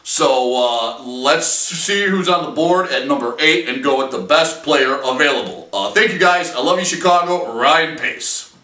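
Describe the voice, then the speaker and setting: A man doing an impression of an earnest football team general manager, formal and halting, with many pauses. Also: on the high side, lively intonation, bright, forceful tone, recorded from a distance, voice pushed down. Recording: roomy echo, a little off-mic.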